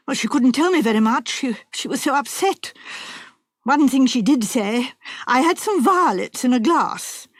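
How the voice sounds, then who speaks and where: A woman's voice: sits high, lively intonation, moderate pace, no echo, studio quality. A woman reader voicing a fretful, self-pitying invalid wife in a storybook reading, plaintive and dramatic. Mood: aggrieved.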